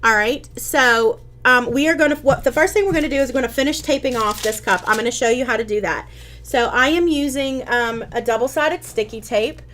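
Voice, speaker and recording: A woman's voice: fairly high pitch, fairly quick, a bit bright. A woman hosting a casual live-stream craft tutorial. She chats with viewers, answers their comments, and talks with frequent ums and restarts.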